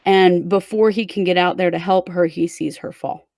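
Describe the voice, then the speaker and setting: A woman's voice: fairly low pitch, steady tone, normal speed, darkish tone, dry recording. A woman hosting a true crime show, casually walking her co-host through a case step by step. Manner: conversational, recounts events step by step.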